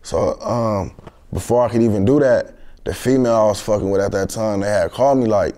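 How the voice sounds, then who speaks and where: Slangy young man with a mellow voice. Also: on the low side, fairly quick. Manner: slangy, many fillers. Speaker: guest. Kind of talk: street storytelling interview.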